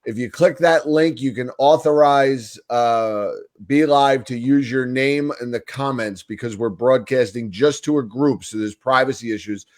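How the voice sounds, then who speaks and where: A hoarse man with a New York accent co-hosting a casual fan podcast, telling stories in an animated way. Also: mid-range voice, a little slow, few pauses. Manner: animated storyteller, hoarse from yelling. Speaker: podcast co-host. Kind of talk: casual hockey fan chat.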